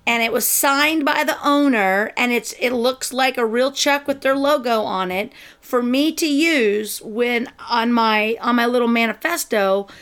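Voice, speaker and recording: A woman's voice: a little high, fairly bright tone, clear, resonant tone. A middle-aged woman talking casually as a co-host and reading her own affirmations aloud. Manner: chatty, restarts, reads affirmations briskly. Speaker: speaker and podcast co-host.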